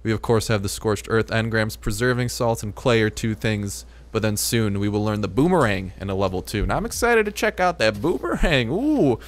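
A man's voice: lowish voice, animated, a little fast, hardly any pauses. A man in his hyped, chatty let's-play commentary, often restarting phrases as he plays, recorded on a desktop microphone at home. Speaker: gaming YouTuber.

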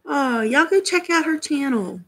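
A woman's voice: high-pitched, low-quality recording. A woman hosting a casual livestream chat from home, rambling and laughing often as she talks to viewers. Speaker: livestream host.

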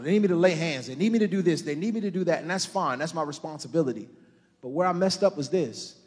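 A man's voice: fairly high pitch, animated, fast, slightly rough. Impassioned preacher man, hall echo. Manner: impassioned preaching that swings from hushed to shouting; calls on the congregation directly. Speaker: pastor. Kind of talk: sermon. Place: church. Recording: long reverb of a large church hall.

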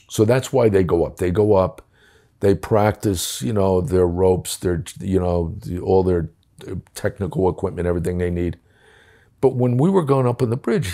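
A man's voice: low-pitched, mellow. A man, telling a story bluntly in an interview and acting out the dialogue with profanity. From United States. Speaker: guest, former police commissioner. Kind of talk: storytelling in a long-form interview.

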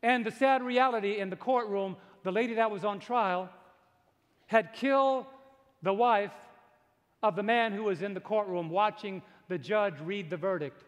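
High-voiced preaching man, hall echo. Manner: dramatic preaching, slowing down for emphasis. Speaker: pastor. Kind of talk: sermon. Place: large church before a congregation.

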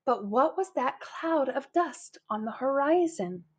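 Animated woman reading a picture book aloud. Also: high-pitched, a little slow. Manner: animated, putting on lively character voices for quotes. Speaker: storybook reader.

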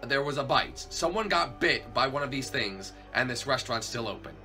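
A man's voice: mid-range voice, animated, normal speed, bright, forceful tone, soft background music. A man voicing a jittery failed cop turned night guard in a hobby plush video, stammering and repeating himself in panic. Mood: disbelieving.

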